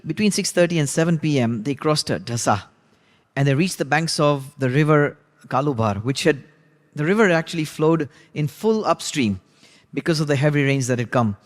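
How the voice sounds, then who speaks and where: A man telling a story in a reverberant hall. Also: fairly high pitch. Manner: conversational, relaxed retelling with frequent 'you know'. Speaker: religious class teacher. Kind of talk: storytelling lesson.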